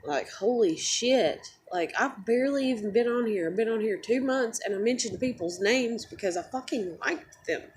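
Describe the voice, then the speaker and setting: A woman's voice: on the high side, moderate pace, hardly any pauses, a little mellow, a little hiss or hum. A young woman who just woke up, tired and close to tears, rambling in an upset, swearing vlog rant full of fillers. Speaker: vlogger.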